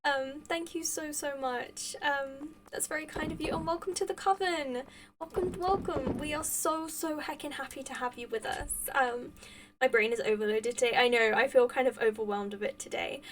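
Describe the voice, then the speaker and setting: A woman's voice: high-pitched, normal speed, distant mic, noisy background. A woman live-streaming a game, chatting casually with viewers and thanking them effusively, rambling with many restarts. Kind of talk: casual chat with live viewers while gaming.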